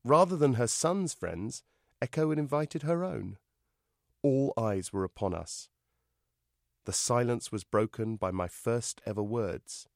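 A man, the author, reading his novel aloud in a lively, dryly amused storytelling manner. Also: medium pitch, measured pace, creaky, no room sound, studio quality. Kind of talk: expressive literary reading.

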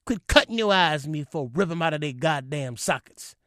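Man doing a hot-tempered abusive dad, menacing and profane, raised and rough, dry close sound. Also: fairly high pitch, lively intonation, a little fast, fairly bright tone, dry recording. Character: volatile, abusive adult father, man.

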